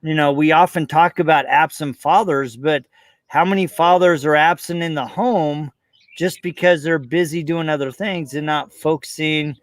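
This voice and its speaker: A man with a notably high speaking voice hosts a podcast conversation, drifting into animated, heartfelt storytelling. He reenacts his own childhood moments, voice climbing as feelings rise. The sound is dry and close, with no room around it. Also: normal speed, dry recording. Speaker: podcast host. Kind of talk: conversational interview, personal storytelling.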